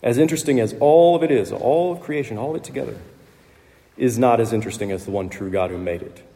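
A man's voice: mid-range voice, fast talker, dark tone. A man preaching a sermon in a conversational way, with fillers and small laughs. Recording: long hall reverb.

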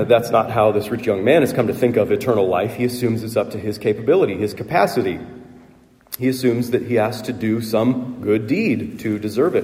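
Male pastor, emphatic sermon delivery, warm tone, reverberant sanctuary. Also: lowish voice. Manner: earnest, emphatic preaching with rhetorical questions. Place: church sanctuary.

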